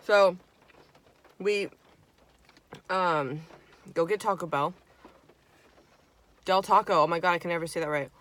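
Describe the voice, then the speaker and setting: A woman's voice: on the low side, measured pace, pauses often, a bit bright. A woman in her twenties telling a casual storytime while eating, chatty and profane, acting out her friends' lines. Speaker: vlogger.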